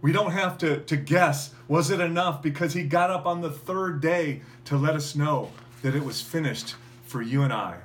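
A man preaching a sermon as pastor, earnest, with frequent fillers and restarts, building to emphatic peaks before dropping to a quiet close. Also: a little high, moderate pace, hardly any pauses, slight background noise.

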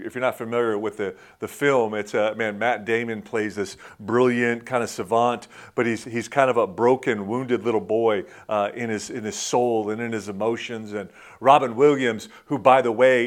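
A man preaching a sermon in a conversational way, often dropping into soft, intimate tones and saying "man". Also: fairly low pitch. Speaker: pastor.

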